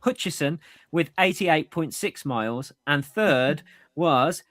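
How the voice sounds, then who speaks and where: A man's voice: a little high, expressive, slow pace, a bit bright. A man co-hosting a running podcast over a remote call, chatty and stumbling, laughing at his own slips. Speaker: podcast co-host. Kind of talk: casual chat. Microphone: AirPods.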